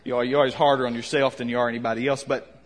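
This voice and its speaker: A man preaching a conversational sermon, asking questions and letting his voice drop soft at the ends of lines. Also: mid-range voice, level tone, rapid-fire. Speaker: pastor.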